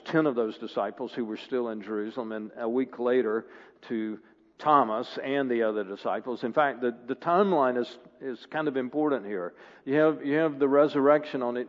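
A pastor preaching a sermon, retelling scripture as a story and building emphasis on the key moments. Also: male voice, medium pitch. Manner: storytelling, reads scripture aloud with rising emphasis. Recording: dull, echoey hall.

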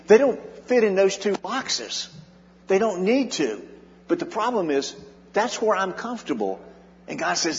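A pastor delivering an earnest sermon, his fairly high male voice swelling and dropping to drive points home. The sound is dull and muffled. A long reverb trails his words through the church hall. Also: sing-song, measured pace. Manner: earnest preaching, rising and dropping in volume for emphasis. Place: church sanctuary.

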